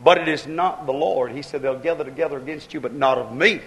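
A man delivers an impassioned sermon, circling back to the same refrains again and again. His voice sits a little high and leaps into loud, anguished cries before dropping low again. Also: quick pace, rough recording. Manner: fervent, repetitive preaching with sudden loud outcries. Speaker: preacher.

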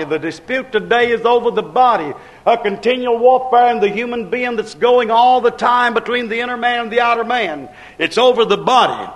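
A man delivering a sermon in a very high voice. He preaches in a repetitive, rhythmic cadence, stretching key words slowly and climbing to shouted peaks. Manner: preaching with slow, drawn-out stresses and shouted peaks.

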